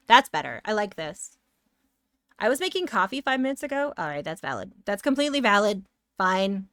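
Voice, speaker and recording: A woman's voice: medium pitch, lively intonation, normal speed, a bit bright, dry recording, studio quality. A woman streamer chatting playfully and sassily with her viewers while she draws, giggling often. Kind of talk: casual live-stream chat while drawing.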